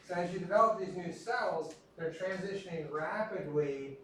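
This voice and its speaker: A man's voice: high-pitched, moderate pace, fairly bright tone, a little hiss or hum. A middle-aged man teaching an anatomy class, talking casually and joking as he goes. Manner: chatty, joking asides. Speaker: anatomy instructor. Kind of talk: classroom lecture. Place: large echoey classroom. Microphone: recorded from a distance. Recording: echoey classroom from far off.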